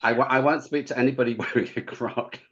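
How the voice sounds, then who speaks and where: A man's voice: medium pitch, steady tone, fast, fairly bright tone, muffled recording. A man being interviewed as an author guest, telling witty anecdotes in a campy way and chuckling often. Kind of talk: casual interview chat.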